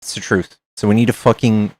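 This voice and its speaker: A man's voice: fairly low pitch, little pitch movement, fairly quick, darkish tone, no room sound. Profane male streamer on a dry mic. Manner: profane, reacting to chat and reading aloud. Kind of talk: casual livestream chat.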